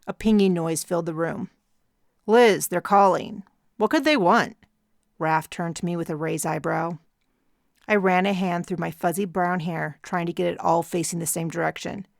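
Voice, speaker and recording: A woman narrating a first-person audiobook in a measured storytelling manner on a close mic. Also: on the low side, gravelly, no echo.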